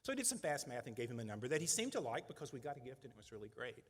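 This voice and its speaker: A man's voice: medium pitch, big pitch swings, rapid-fire, slightly rough. A middle-aged man leading a nonprofit, giving a conversational, earnest speech at a fundraising breakfast and often adding "right?" as an aside. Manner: conversational and earnest, with frequent "right?" tag questions. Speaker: nonprofit leader addressing donors. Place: large event hall. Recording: reverberant banquet hall.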